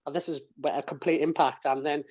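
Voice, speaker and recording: A man's voice: on the high side, fairly even intonation, fairly quick, a little mellow, no room sound, highs cut off. A man in his thirties telling a personal story as an interview guest, rambling with restarts and swearing, on a video call from his home office. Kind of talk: casual storytelling. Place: home office and games room.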